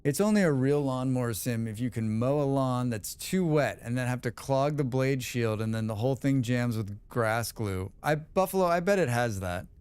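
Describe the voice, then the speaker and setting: A man's voice: mid-range voice, expressive, moderate pace, hardly any pauses, a little mellow, clean tone, no echo. A man streaming a game, chatting casually and answering chat with rambling, opinionated remarks. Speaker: livestream gamer. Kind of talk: casual livestream chat reading chat.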